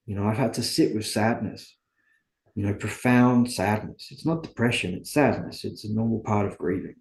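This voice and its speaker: A man's voice: lowish voice, creaky, darkish tone, echoey room. A man as an interview guest, talking candidly and earnestly about his own life, often asking and answering his own questions. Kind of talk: candid conversational storytelling.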